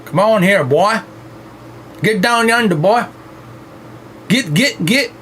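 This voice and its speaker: A man's voice: sits high, animated, takes it slowly, fairly bright tone, slight background noise, voice pushed up, full character voice. A man voicing a rowdy Southern backwoods man, drawling and bossy in a put-on Southern accent. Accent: put-on American Southern.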